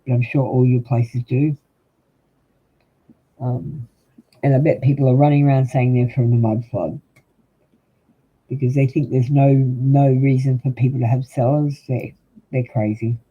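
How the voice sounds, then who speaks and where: In a medium-pitched voice with fairly even intonation, an older man with an Australian accent takes his time, leaving long pauses. He's a tarot reader rambling chattily to his livestream viewers, full of ums and directly engaging the chat, captured on tinny, phone-like, husky audio.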